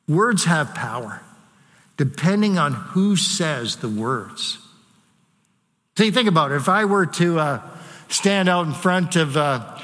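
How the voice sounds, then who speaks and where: A pastor with a high, sharp-toned voice preaches a sermon in a church sanctuary, speaking conversationally and posing rhetorical questions to the congregation. Long hall reverb fills the recording.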